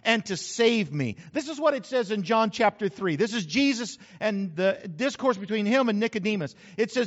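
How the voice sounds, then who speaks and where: A man's voice: high-pitched, lively intonation, moderate pace, few pauses. A middle-aged man preaching a conversational sermon, talking directly to his congregation and repeating key phrases for emphasis. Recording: muffled hall recording with long reverb.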